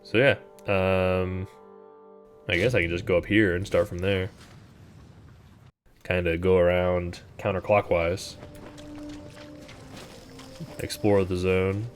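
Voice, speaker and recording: A man's voice: low voice, flat delivery, takes it slowly, pauses often, faint music behind. A man streaming a video game, talking through it in a casual, wry, sarcastic way. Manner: wry, sarcastic, laid-back. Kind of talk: casual gameplay commentary.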